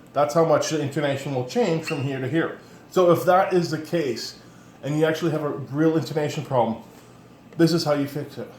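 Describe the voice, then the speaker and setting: A man's voice: a little high, a little mellow, a little hiss or hum. A man giving a casual demonstration of instrument setup, rambling and correcting himself as he goes, recorded in a home workshop on a camera mic. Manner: rambling, self-correcting, plainspoken. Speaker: instrument maker and teacher. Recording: echoey room with faint ambience.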